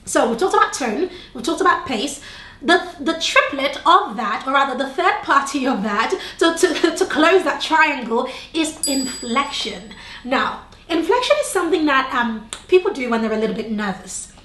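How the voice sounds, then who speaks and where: Young woman video coach talking to camera, high pitched, plays with her pace, echoey room. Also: moderate pace. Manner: animated, varies tone and pace on purpose, asks viewers questions. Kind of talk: on-camera teaching tips. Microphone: camera facing speaker.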